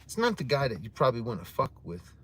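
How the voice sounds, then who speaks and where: A man's voice: medium pitch, wildly swooping pitch, fast, fairly bright tone, breathy edge. A man casually telling stories to his livestream audience in a rambling, heavily profane way while drinking a beer. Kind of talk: casual storytelling chat to a live audience.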